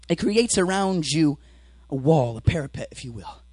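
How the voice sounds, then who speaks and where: A teenage boy preaching a sermon, swinging between shouted exhortation and quiet low explanation, acting out little scenes. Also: animated, moderate pace, dry recording, rough recording. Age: teens. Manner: acts out dialogue with the devil and watchmen.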